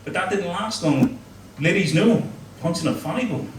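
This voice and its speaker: A middle-aged comedian telling crude, self-mocking stories on stage, his voice sitting a little high for a man. The sound is an echoey club room picked up from some way off the mic, with a faint hum of ambience behind. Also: animated, normal speed, distant mic. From Northern Ireland. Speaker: stand-up comedian. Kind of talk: stand-up set.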